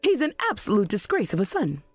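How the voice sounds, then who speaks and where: A woman voicing an indignant, self-righteous middle-aged mother who speaks in a sharp, defensive way. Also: mid-range voice, huge pitch swings, fairly quick, no echo, soft background music. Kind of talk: text-message story voice reading.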